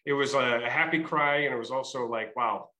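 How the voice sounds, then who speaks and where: A man's voice: mid-range voice, fairly quick, bright, forceful tone, roomy sound, rough recording. A middle-aged man with a Massachusetts and Rhode Island accent, a state trooper telling his story in a casual interview with many fillers and restarts.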